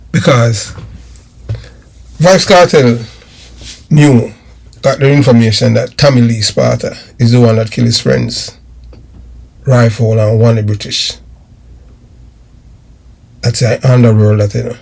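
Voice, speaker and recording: Gravelly Jamaican man hosting his channel. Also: medium pitch, a little mellow. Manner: rambling, repeats phrases, many fillers. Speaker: YouTube channel host. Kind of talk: casual crime commentary.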